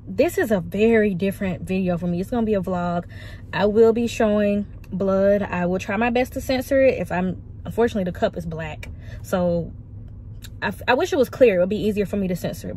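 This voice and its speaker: A woman's voice: mid-range voice, darkish tone, slight background noise. Frank, emotional woman in her twenties. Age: 20s. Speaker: vlogger. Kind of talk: candid personal vlog. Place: parked car.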